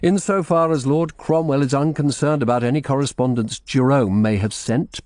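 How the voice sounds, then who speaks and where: A man's voice: mid-range voice, normal speed, darkish tone, no echo, studio quality, voice pushed up, lightly acted. A man voicing a shrewd middle-aged lawyer who speaks firmly and asks probing questions.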